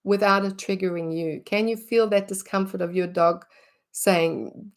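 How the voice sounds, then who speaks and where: Woman, middle-aged, dog trainer, conversational teaching, animated, medium pitch. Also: unhurried. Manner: animated, acts out what she would say to the dog.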